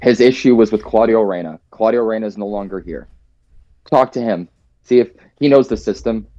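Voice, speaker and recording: Hungover podcast host, sweary and fed up; dark voice, dull lo-fi audio. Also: male voice, fairly low pitch, fairly quick, no room sound. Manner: frustrated, profane ranting. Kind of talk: casual chat. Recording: dull lo-fi sound.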